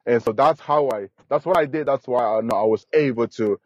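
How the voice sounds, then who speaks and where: A man's voice: mid-range voice, brisk, dry recording, dull audio. A man as a podcast guest, talking earnestly and enthusiastically, repeating himself, with uneven grammar. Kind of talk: casual interview.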